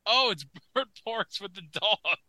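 A joking man riffing as he co-hosts a podcast, his voice high-set and strikingly bright. He talks in loose, comedic commentary, recorded close and dry with no room sound. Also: expressive, measured pace, no room sound, low-quality recording. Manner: jokey, puts on silly announcer voices. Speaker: podcast co-host.

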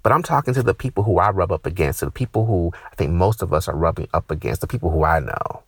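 A man in his thirties doing stand-up, ranting with profanity and sudden high-pitched outbursts. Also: animated, quick pace, husky, dry recording. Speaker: stand-up comedian. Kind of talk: stand-up comedy set.

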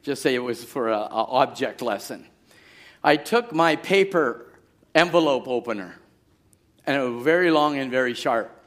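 A middle-aged pastor preaching a sermon, moving from quiet storytelling to shouted exhortation. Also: male voice, medium pitch, animated, moderate pace.

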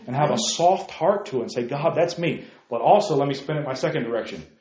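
A man's voice: medium pitch, animated, fast, a little mellow, echoey room. A man preaching a sermon as pastor, talking in a conversational way and asking the congregation questions.

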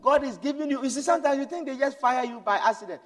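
A male preacher with a very high voice delivers an impassioned sermon. He moves from loud, urgent pleading down to low, hushed storytelling. His voice rings with a long reverb, as in a large hall. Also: quick pace.

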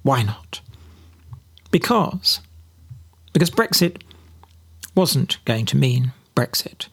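A man's voice: medium pitch, big pitch swings, takes it slowly, creaky, fairly bright tone, husky. A man from Britain giving spoken political commentary, sardonic in tone, mocking opponents through quoted voices, with some slips and repeated words.

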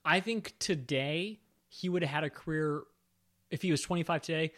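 A man hosting a casual film discussion, retelling movie scenes with animated energy. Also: a little high, moderate pace. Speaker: podcast host.

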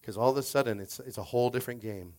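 A man delivers a sermon in an easy, talkative way, often restarting phrases and calling out to the congregation. He slips into quoted voices with shifts in pitch and loudness. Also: racing. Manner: conversational, repeats words, coaxes the congregation. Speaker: pastor.

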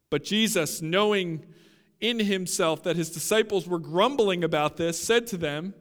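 Male pastor, sermon delivery, emphatic and direct, slightly high voice, recorded with long reverb. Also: unhurried. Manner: emphatic, building to loud peaks, addresses listeners as guys.

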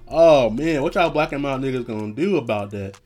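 A young man talks loosely to his listeners in a relaxed, profane ramble, breaking into laughter now and then. His voice sits at an ordinary pitch for a man, with faint music playing under the talk. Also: fairly quick. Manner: laid-back, profane, laughs often. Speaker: podcast host. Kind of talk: casual solo chat.

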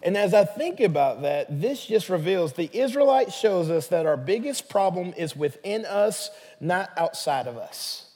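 Man, pastor, sermon, high voice, long hall reverb. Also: expressive, measured pace, hardly any pauses, warm tone. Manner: conversational, emphatic preaching.

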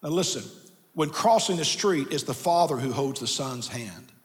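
An older pastor preaches a sermon in a large church with long, ringing reverb, his voice a bit high for a man. Expressive and moderately paced, he shifts from gentle, hushed lines to shouted emphasis and repeats key phrases.

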